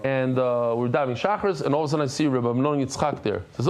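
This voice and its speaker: A man teaching a daily Talmud class. He is animated, repeats phrases, stops to explain Hebrew and Aramaic terms in English, and throws in joking asides to the class. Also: mid-range voice, quick pace.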